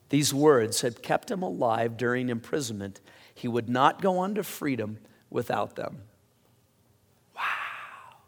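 A man preaching a sermon, swinging between excited high rises and quiet low drops, his voice getting hoarse. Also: long reverb tail. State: losing his voice. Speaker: pastor.

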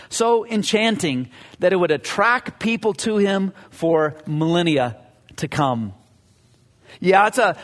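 A man's voice: high-pitched, fairly bright tone, long reverb tail. A man preaching a sermon as pastor, earnest and conversational, often repeating his words as he goes.

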